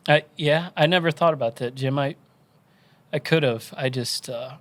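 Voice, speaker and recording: A man on a podcast telling his conversion story in an earnest, animated way, moved to tears. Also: a little high, unhurried. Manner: earnest, animated storytelling with quoted inner voices. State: tearful, crying. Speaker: podcast guest.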